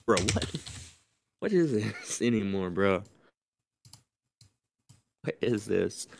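A man's voice: on the low side, animated, slow pace. A man co-hosting a podcast in loose, rambling casual chat. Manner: loose, rambling, laughs between lines. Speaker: podcast co-host. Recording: clear background noise.

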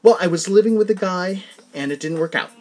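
A man doing a halting, upset young adult. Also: high voice, voice pushed up, close to an everyday voice. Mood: hesitant. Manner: halting, with stammers and restarts. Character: hesitant young adult narrator-protagonist, tearful.

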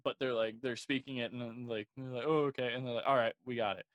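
A man's voice: medium pitch, steady tone, quick pace, dry recording. A young man casually telling a work story as a security guard, blunt and profane, full of "like"s. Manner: profane, blunt, rambling with many "like"s. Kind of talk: casual podcast chat.

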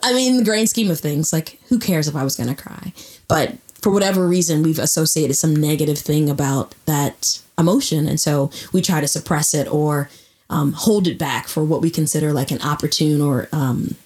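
Woman co-host, low husky voice, animated storyteller in an intimate chat. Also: normal speed. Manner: animated storyteller, acts out quotes. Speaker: podcast co-host. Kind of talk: casual intimate conversation.

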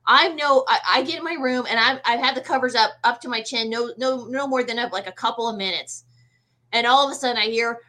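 A woman, a medium, telling her own ghost experience in a casual interview, animated and full of fillers and restarts. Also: sits high, a little fast. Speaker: guest medium.

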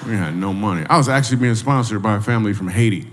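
Rattling along very fast in a lowish voice, a male stand-up teases the crowd from a church hall stage and keeps repeating his questions. Background noise is present, and the distant recording carries the hall's reverberation.

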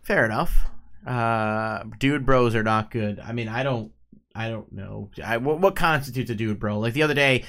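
A man's voice: medium pitch, normal speed, a bit bright. A man in his forties co-hosting a casual gaming podcast, rambling and hesitant, often trailing off mid-thought. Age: 40s. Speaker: podcast co-host. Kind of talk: casual chat.

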